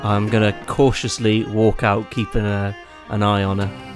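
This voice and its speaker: A man's voice: fairly low pitch, flat delivery, moderate pace, music in the background. A man playing in a tabletop game, hesitant and laughing as he decides his moves. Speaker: player.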